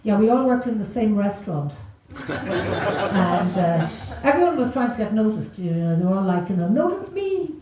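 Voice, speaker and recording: A woman's voice: medium pitch, lively intonation, moderate pace, very echoey, recorded from a distance, noisy background. An Irish woman doing a stand-up comedy set on stage, self-deprecating and wry, chuckling through her punchlines. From Ireland.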